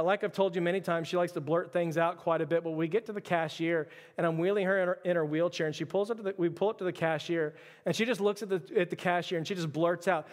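A young man preaches with a rapid, high-pitched delivery, sliding into loose, chatty storytelling full of "like." His voice carries a long reverb from a church hall. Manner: casual storytelling with frequent "like". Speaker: pastor. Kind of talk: sermon.

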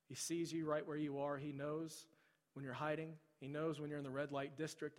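A man preaching in a big church hall, his voice sitting a little high for a man and trailing off into long reverb. He moves from storytelling into soft, pleading repetition aimed at the congregation. He sounds like a middle-aged pastor. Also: flat delivery, fast. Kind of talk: sermon. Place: large church sanctuary.

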